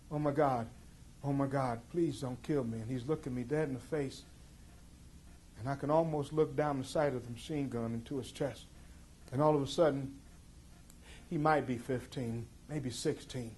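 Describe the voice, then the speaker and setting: A middle-aged man telling a tense personal story in an intense, emphatic way, moving between loud passages and hushed ones. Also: mid-range voice, slight background noise. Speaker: speaker. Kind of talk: dramatic storytelling talk.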